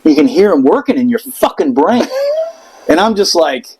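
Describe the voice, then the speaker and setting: A man in casual podcast chat, telling a wild personal story with plenty of swearing. His voice sits a bit high for a man, and he jumps into quoted voices as he goes. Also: moderate pace, background noise. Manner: animated, profane, acts out voices in quotes.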